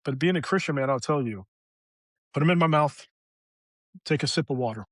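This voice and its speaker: A man's voice: fairly high pitch, fairly quick, no echo. A middle-aged man, a veteran guest on a podcast, candidly recounting a hard personal story, raw and emotional, swearing freely.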